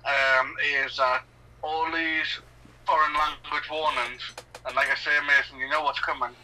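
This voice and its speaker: A man with a Northeast English accent chats loosely through a film commentary, full of fillers and strong opinions. His tone is very bright and keen, with an even, flat pitch, and he sits some way back from the mic. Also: unhurried, far from the mic, a little hiss or hum, low-quality recording. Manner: rambling, filler-heavy, opinionated. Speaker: podcast co-host. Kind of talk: casual film commentary chat.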